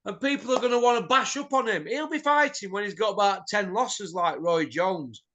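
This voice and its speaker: A man's voice: high voice, expressive, moderate pace, pushed and bright, a little hiss or hum. A middle-aged man, hosting a boxing show and ranting bluntly, swearing and tossing in tag questions. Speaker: boxing pundit host. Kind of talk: opinionated ranting chat.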